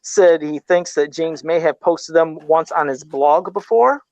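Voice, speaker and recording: A podcast host reading out listener comments in a casual, hesitant way, with lots of fillers. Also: male voice, fairly high pitch, unhurried, a little mellow, no room sound. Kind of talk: casual chat. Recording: dull dry lo-fi mic.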